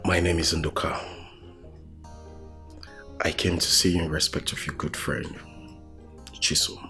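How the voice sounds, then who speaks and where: An actor with a Nigerian accent playing a respectful young suitor who speaks softly and deferentially. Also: male voice, extremely low pitch, flat delivery, unhurried, heavily acted. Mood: earnest. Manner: deferential, soft-spoken. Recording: faint film music underneath.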